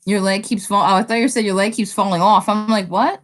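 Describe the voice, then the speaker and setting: Woman host of a casual live stream: chatty, excitable, speaks right to her viewers, mid-range voice. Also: fast. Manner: chatty, talks straight to viewers in the chat; excitable, often jumps up in pitch.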